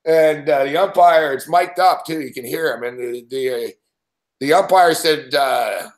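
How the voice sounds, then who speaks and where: A man hosting a sports betting show, telling stories in a profane, excitable way and laughing often. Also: on the high side, a little slow. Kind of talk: casual sports chat.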